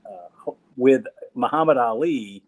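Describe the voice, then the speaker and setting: A comedian chatting casually who joins in playfully, humming a theme song along with the others. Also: male voice, mid-range voice, slow pace, rough recording. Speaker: comedian guest. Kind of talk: casual chat.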